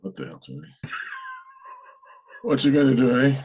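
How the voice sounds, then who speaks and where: A man from the UK co-hosting a casual podcast, rambling in asides with dry, dark jokes. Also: mid-range voice, very animated, normal speed, husky, low-quality recording. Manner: dry, rambling, darkly joking. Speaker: co-host.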